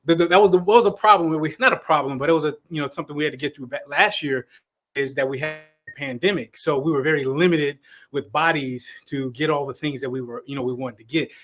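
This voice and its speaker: A man's voice: a little high, quick pace, a bit bright. A man from Chicago co-hosting a casual live stream, laid-back and slangy, often repeating himself. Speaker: co-host, league commissioner.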